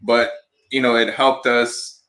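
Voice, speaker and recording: A man co-hosting a church talk show, chatting in a relaxed, rambling way. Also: mid-range voice, takes it slowly. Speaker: co-host. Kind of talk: casual chat.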